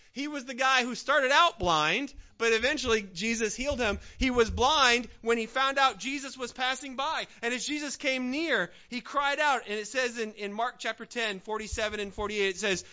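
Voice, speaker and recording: High, bright-toned male preacher. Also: highs cut off. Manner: dynamic preaching, swinging from hushed pleas to near-shouts. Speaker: pastor. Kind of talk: sermon.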